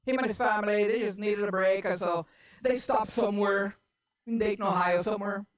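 A woman preacher telling a story in an animated sermon, often repeating words and getting loud and emphatic. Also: medium pitch, a little fast.

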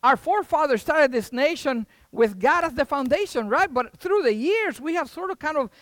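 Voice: high-pitched, expressive, normal speed, no room sound. A preacher delivering a sermon with emphatic rhetorical questions and folksy asides.

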